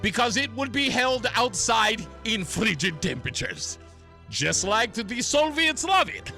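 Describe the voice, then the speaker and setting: Male host doing a slow, high, mocking Russian-accented announcer for a talk radio parody. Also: big pitch swings, sharp tone, faint music behind, full character voice. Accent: put-on Russian accent. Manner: mocking, theatrical, chuckling. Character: mock Soviet announcer man, gloating.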